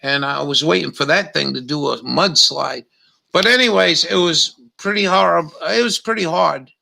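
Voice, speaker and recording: A man's voice: on the high side, normal speed, creaky, bright, forceful tone, echoey room, recorded from a distance. An older man telling rambling, profane stories in a meandering monologue. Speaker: vlogger.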